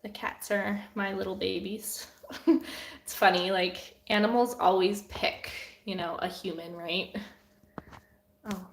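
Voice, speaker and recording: Young woman, easygoing live-stream host; slow, giggly, filler-heavy chat, roomy home camera sound. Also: mid-range voice, steady tone. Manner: chatty, giggly, lots of "like" fillers. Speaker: artist hosting a live Q&A. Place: at home with her cats. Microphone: camera on a desk.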